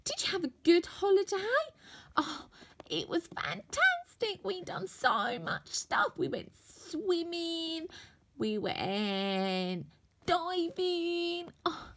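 A sweet little girl doll chattering eagerly about her holiday, as a woman voices her for a children's doll play. The voice is very high and lively, with a slow, drawn-out delivery. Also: heavily acted.

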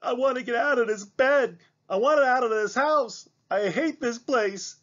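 A man voicing a teenage girl who is crying and begging, in a high, strained voice, in a storybook reading. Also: unhurried, a bit bright, highs cut off. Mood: sobbing, desperate. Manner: high, strained, sobbing wail. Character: teenage girl, sobbing, desperate.

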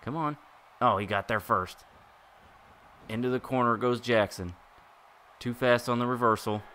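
A man giving excitable live commentary while playing a wrestling video game, groaning and exclaiming at each turn. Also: mid-range voice, a little slow. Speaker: gaming YouTuber.

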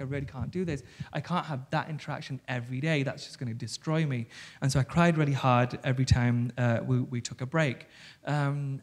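Animated man in his thirties. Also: on the high side. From South Yorkshire, England. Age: 30s. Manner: animated, swears freely, quick asides. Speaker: author and guest. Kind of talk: candid storytelling on stage. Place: stage before an audience.

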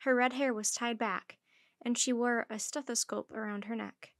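Woman storyteller, children's book read-aloud, gentle, fairly high voice, dry close sound. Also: steady tone, normal speed, dry recording.

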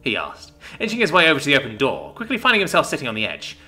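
A man narrating a story in an expressive, animated reading voice. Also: fairly high pitch, rapid-fire. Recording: soft background music.

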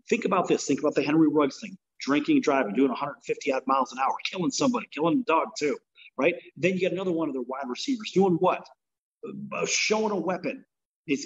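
A man hosting a sports talk radio show, delivering a blunt, sarcastic rant about the teams he covers. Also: a little high. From lives in Las Vegas. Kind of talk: opinionated sports radio monologue. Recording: dull lo-fi audio.

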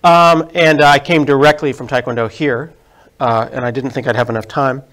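A man's voice: mid-range voice, fairly even intonation, moderate pace, a bit bright. A man in his forties with a sniffly cold, giving a self-deprecating, chatty live tech talk to an audience in a meeting room. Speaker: tech presenter. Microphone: handheld mic.

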